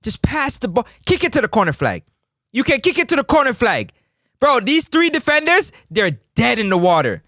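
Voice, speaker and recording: A man's voice: very high voice, sing-song, normal speed, pushed and bright, no room sound, clean studio sound. A young man, giving exasperated, pleading commentary over a football match replay. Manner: exasperated, pleading, repeats himself. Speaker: football review host.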